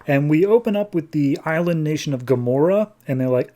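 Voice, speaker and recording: A man's voice: fairly high pitch, animated, brisk, mellow. A man hosting a podcast, recapping a comic book in a chatty, loose way with lots of fillers. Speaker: podcast host. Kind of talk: casual comic book review.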